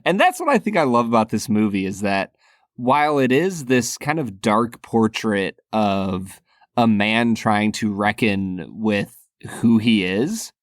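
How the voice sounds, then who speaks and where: A man's voice: fairly low pitch, animated, unhurried, no room sound, clean studio sound. A man co-hosting a podcast, talking casually and thoughtfully about a film and laughing often. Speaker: podcast co-host.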